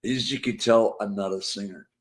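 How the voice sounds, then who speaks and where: Hosting a live chat stream, this man talks in a lowish, steady voice at normal speed. He's laid-back and jokey, rambling along and humming or singing bits of songs between his comments.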